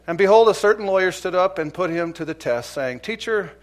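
A middle-aged male pastor preaching a sermon, moving between urgent exhortation and quiet storytelling. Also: high-pitched, lively intonation, a little fast. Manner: dynamic preaching, swinging from loud urgent exhortation to hushed storytelling.

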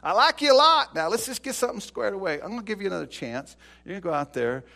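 A man's voice: high-pitched, lively intonation, fast talker, creaky, pushed and bright, voice pushed up, heavily acted. A man voicing an ancient king who talks in a falsely friendly, wheedling way in a retold Bible story. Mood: coaxing. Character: smooth-talking ancient male king, coaxing.

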